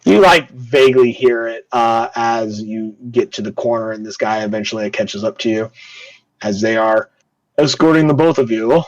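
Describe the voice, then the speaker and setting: A man's voice: medium pitch, normal speed, lo-fi sound. A young man running a tabletop game as game master, casual and loose, with lots of filler words and swearing.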